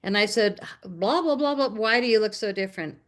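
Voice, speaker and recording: An American woman talks as an interview guest and recounts her experiences in a chatty, animated way. Her pitch sits at an ordinary middle height, and she slips into voices when she quotes other people. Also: a little fast. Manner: animated, acts out quoted dialogue. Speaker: interview guest, documentary filmmaker. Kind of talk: casual storytelling in a conversation.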